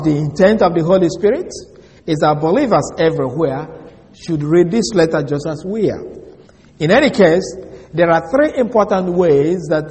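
A man giving a slow, deliberate Bible lesson as a preacher, repeating and spelling out key words. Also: on the high side, a little mellow. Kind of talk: expository Bible teaching. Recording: long reverb of a large hall.

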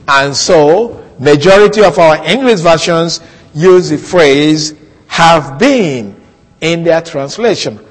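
A male Bible teacher delivering an expository lesson at a slow, deliberate pace. His voice sits a little higher than most men's, and it rings with a long hall reverb. He works through each point methodically. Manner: methodical, explains points step by step.

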